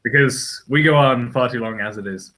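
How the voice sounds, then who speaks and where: A man's voice: medium pitch, normal speed, pushed and bright, rough recording. A man co-hosting a casual podcast chat, rambling and hesitant, often restarting his sentences. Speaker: podcast co-host.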